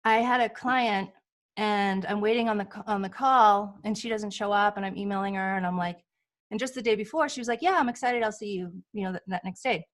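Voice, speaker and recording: A woman's voice: medium pitch, a little fast. A woman guest on a talk show, a healer, telling personal stories in casual chat and acting out the voices she quotes. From United States. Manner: animated, acts out quoted voices.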